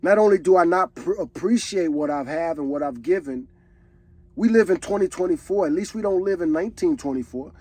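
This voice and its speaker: Man, 40s, reaction host; high, raspy voice, preachy and heartfelt. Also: fairly quick, mellow, no echo. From Chicago. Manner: earnest, preachy, reflective. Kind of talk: casual reaction commentary.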